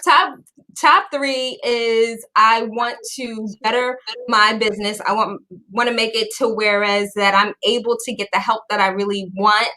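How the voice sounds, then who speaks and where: A woman host chatting casually on a video call, bubbly and animated, laughing often as she tells stories. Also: a little high, a little slow. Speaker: podcast host.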